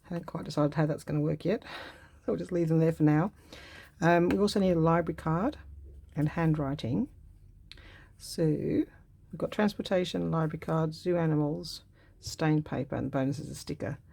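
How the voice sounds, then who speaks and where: Woman crafter thinking aloud, husky voice, mellow tone, chatty and unhurried. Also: low-pitched. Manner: musing aloud while cutting and gluing, unhurried and chatty. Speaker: craft vlogger. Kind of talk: casual crafting tutorial.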